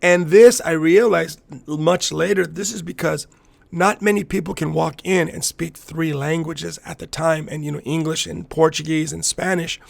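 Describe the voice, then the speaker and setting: A man in his fifties from the US–Mexico border region tells a personal story on his podcast. His voice sits a little high with a gravelly, fry-laced edge. He rambles reflectively and restarts often, and the sound is dry and close. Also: fairly even intonation, moderate pace, no room sound. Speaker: podcast host and capoeira master.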